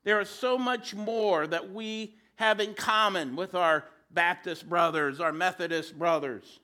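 Speaking a little slowly, a high, bright-voiced male preacher delivers a sermon that stays conversational, with jokes dropped in as asides.

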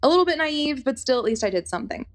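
A woman's voice: sits high, fast talker. A young woman telling a personal story in a casual, chatty way, full of fillers. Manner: animated, chatty, lots of fillers.

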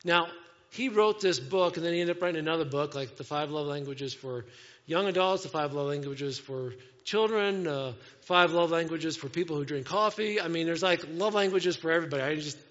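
A man preaching a sermon in a conversational way, moving between playful asides and hushed, earnest moments. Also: a little high, brisk, long reverb tail, lo-fi sound. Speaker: pastor. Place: church sanctuary.

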